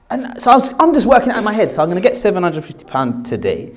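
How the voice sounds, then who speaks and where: A man's voice: sits high, quick pace, hardly any pauses. A man in his forties with a South London accent, an actor telling a story about his past and acting out the people in it. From England. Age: 40s. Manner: animated, acts out the people he quotes. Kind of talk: storytelling anecdote.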